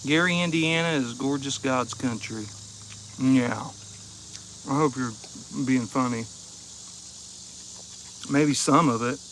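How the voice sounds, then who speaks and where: A man's voice: mid-range voice, slow, pauses often, fairly bright tone, a little hiss or hum. A man from Ohio hosting a casual livestream, chatting easygoing with viewers and chuckling often, sitting outside behind his house. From Ohio, USA. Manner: laid-back, chuckling often, easygoing and joking. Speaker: livestream host. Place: outdoors behind the house, with insects.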